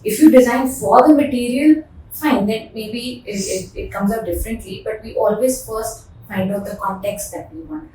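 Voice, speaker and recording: A furniture designer with an Indian English accent answers interview questions emphatically and passionately, often repeating words. Her slightly high voice has a dark tone and a moderate pace. The recording sounds roomy, with a distant mic and faint noise.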